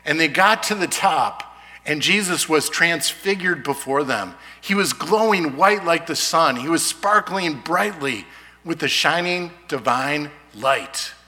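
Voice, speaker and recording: A man's voice: on the high side, lively intonation, sharp tone. Earnest male pastor in a reverberant church. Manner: earnest, slows down for emphasis. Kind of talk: sermon. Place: church sanctuary. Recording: long reverb of a church hall.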